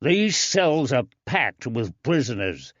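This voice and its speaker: A man narrating an audiobook, voicing a nervous, rough-spoken jailer who talks bluntly and slowly. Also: medium pitch, big pitch swings, a bit bright, no echo, exaggerated voice. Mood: threatening. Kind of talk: audiobook character voice. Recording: dry, slightly dull.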